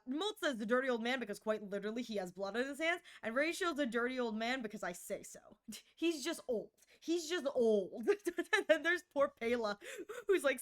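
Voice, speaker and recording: Young woman streamer, slightly high voice, loose rambling chat with lots of giggles and self-mockery. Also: fairly bright tone. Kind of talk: casual chat with viewers.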